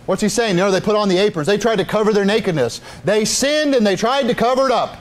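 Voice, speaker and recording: Man, preacher, high voice, emphatic, repetitive, rhetorical asides, middle-aged. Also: quick pace, few pauses. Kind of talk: sermon.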